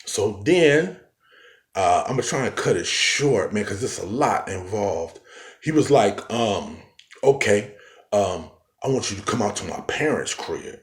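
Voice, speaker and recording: A man telling a long rambling story in casual street slang, full of fillers and lively quoted exchanges. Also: on the low side, unhurried. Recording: echoey room.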